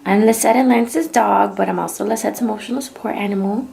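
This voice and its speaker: A woman speaking for her small male French bulldog in a slow, cutesy pet voice. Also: medium pitch, vocal fry, mellow. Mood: sweet.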